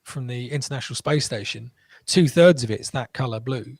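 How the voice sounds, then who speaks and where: A man telling stories as an interview guest, animated, with quick restarts, and acting out what people said. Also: medium pitch, dry recording. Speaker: guest entrepreneur. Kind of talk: casual interview storytelling.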